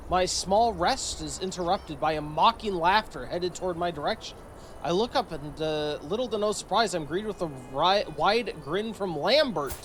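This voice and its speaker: Brief: higher-pitched male streamer, wry and sarcastic, reads game text with a faint hiss behind him. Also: moderate pace, fairly bright tone, rough recording. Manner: joking, sarcastic. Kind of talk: casual game commentary, reading event text aloud.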